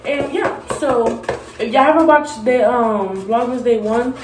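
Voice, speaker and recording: A woman vlogs to the camera in her grandmother's bathroom, her voice fairly high and unhurried over loud background music. She's hyper and playful, squealing and making beep noises in casual talk, recorded in an echoey, noisy room.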